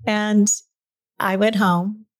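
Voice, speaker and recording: Speaking extremely slowly in a mid-range, level voice, a middle-aged woman recounts something personal as a podcast guest. The tone is chatty and candid, with occasional moments of emotion.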